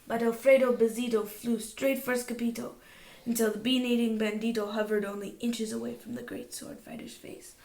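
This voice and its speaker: A woman reading a children's picture book aloud at bedtime, in an expressive, sing-song way with playful voices. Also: a little high, moderate pace, recorded from a distance. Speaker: storybook reader. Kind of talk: bedtime story read-aloud. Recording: echoey home room.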